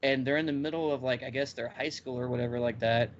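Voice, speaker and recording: A man co-hosting a casual podcast chat, retelling scenes with lively acted-out bits. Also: medium pitch, quick pace, muffled recording, slight background noise. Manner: animated storyteller acting out scenes. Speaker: podcast co-host.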